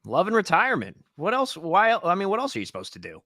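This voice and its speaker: Wry, lively-voiced podcast co-host. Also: male voice, high voice, fast talker, no room sound, studio quality. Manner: wry, joking asides. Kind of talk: casual sports chat.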